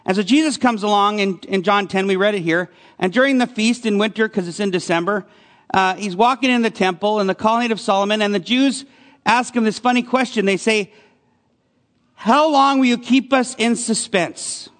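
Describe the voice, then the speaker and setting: A man's voice: sits high, a little fast, fairly bright tone, in a large hall. A man preaching a conversational sermon as a pastor, often asking his listeners questions. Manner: conversational, asks the congregation questions.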